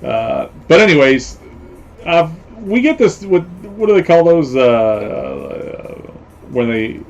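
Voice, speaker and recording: Guy hosting a stream, kinda high voice, rambly and jokey, lo-fi sound. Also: huge pitch swings, vocal fry, soft background music. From Canada. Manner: rambling, joking, quick to laugh. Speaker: show host. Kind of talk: casual livestream chat. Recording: slightly dull lo-fi stream audio.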